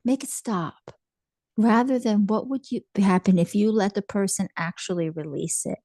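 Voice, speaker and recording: A woman's voice: mid-range voice, normal speed, mellow, no echo. Woman therapist, earnest and reassuring, dry close sound. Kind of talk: casual chat.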